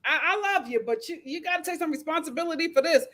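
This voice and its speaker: A woman hosting a casual reality TV recap, sassy and animated, laughing as she acts out what people said. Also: extremely high pitch, quick pace. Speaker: host.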